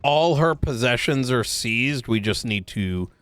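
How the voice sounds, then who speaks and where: A man talking in character during a roleplay game, hesitant and full of pauses and ums. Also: medium pitch, lively intonation, a bit bright, no room sound. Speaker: roleplay player.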